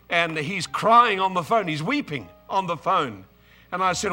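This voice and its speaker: A man's voice: fairly high pitch, animated, normal speed, pushed and bright, soft background music. Fervent Australian preacher in his seventies. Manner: exuberant, emotional, bursts of hallelujahs; repeats and restarts words. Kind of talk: sermon.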